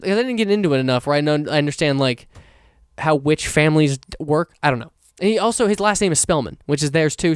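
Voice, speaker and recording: Rambling young man with a smooth voice. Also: fairly high pitch, no room sound, clean studio sound. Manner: rambling, lots of "like" and restarts, swears freely. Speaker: podcast host. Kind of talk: casual solo podcast chat.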